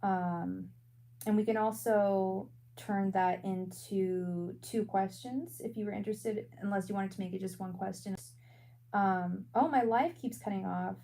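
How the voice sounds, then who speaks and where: A woman working as a tarot reader and psychic medium on a live stream. She talks in a soft, halting way and repeats her words often. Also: medium pitch, creaky, poor audio. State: emotional.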